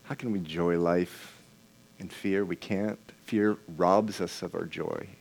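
A man's voice: deep voice, fairly even intonation, unhurried, gravelly, darkish tone. A man preaching a sermon in a conversational way, asking the congregation questions and often repeating and restarting words.

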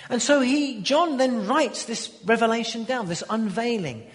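A man preaching a sermon in an emphatic manner, building to loud declarations. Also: extremely high pitch, a little slow. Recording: long hall reverb.

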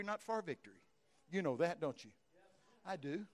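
A male Baptist preacher, telling folksy stories in a sermon and breaking into sudden loud bursts. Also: high-pitched, animated, fairly quick. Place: church.

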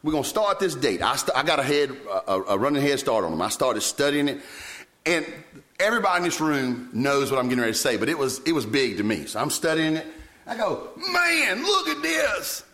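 A man, preaching a sermon as a pastor, telling personal stories with sudden leaps up in pitch when he quotes himself. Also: animated, fast talker, a bit bright. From Virginia, US.

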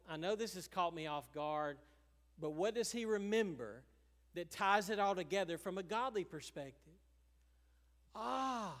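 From the pulpit, a pastor with a notably high, fairly bright voice preaches a sermon, chuckling along the way and sometimes slipping into little acted-out quotes. The sound carries through a church sanctuary with a long reverb tail.

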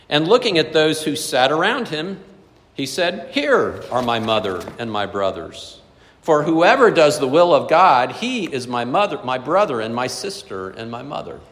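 Pastor preaching in a reverberant hall. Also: male voice, mid-range voice, a bit bright. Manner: reads scripture aloud, then explains it conversationally. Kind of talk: sermon.

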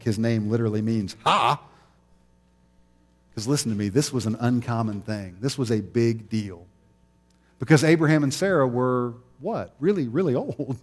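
A man's voice: mid-range voice, darkish tone, big-room sound. A man preaching a sermon in a conversational storytelling way, with easy laughs. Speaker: pastor.

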